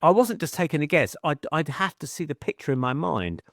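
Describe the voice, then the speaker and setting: A man's voice: on the high side, very animated, fairly quick, fairly bright tone, no echo. Man telling stories, dry close sound. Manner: chatty anecdotal, acts out quoted voices. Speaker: podcast guest. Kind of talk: casual storytelling.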